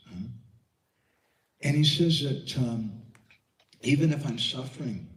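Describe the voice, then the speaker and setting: Low-voiced man lecturing in an echoey hall. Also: moderate pace, far from the mic. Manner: storytelling with quoted voices and rhetorical questions. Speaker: Vaishnava speaker giving a class. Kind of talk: devotional lecture.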